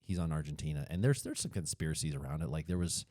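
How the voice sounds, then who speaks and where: Man, Colorado accent, deep voice, warm tone, rambling casual chat, dry sound. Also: lively intonation, fast, no room sound. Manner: rambling, self-correcting, chuckles at himself. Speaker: podcast co-host.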